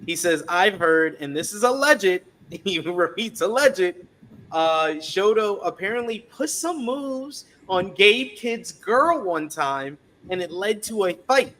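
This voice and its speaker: A man's voice: sits high, takes it slowly, a little hiss or hum. A man co-hosting a live stream, breaking down an upcoming card in a casual chatty way and reading out viewer comments. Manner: reads out chat comments, chatty and animated. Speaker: podcast co-host previewing wrestling card.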